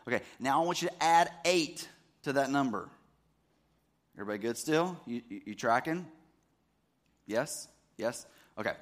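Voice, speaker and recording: A man's voice: mid-range voice, animated, normal speed, long pauses. Conversational man preaching a sermon. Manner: conversational, asks the congregation to follow along. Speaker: pastor.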